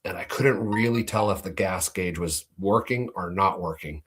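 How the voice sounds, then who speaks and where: A man's voice: sits low, normal speed, a bit bright, slightly rough. A man hosting a show, telling a personal flying story in a laid-back, profane way. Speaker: host. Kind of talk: casual storytelling.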